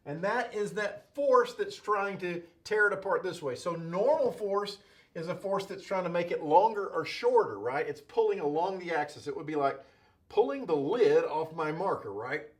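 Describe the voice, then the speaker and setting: A man's voice: high voice, lively intonation, moderate pace. A male engineering instructor giving a classroom-style lecture at a whiteboard, playful and jokey, checking in with "okay?" and "right?" all the time.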